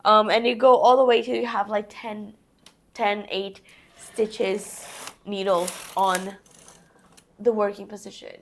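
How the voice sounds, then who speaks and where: Gravelly-voiced woman chatting through a knitting how-to. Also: medium pitch, little pitch movement, slow pace, long pauses, background noise. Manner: chatty, talks herself through each step. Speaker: crafting vlogger. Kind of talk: casual how-to narration while knitting.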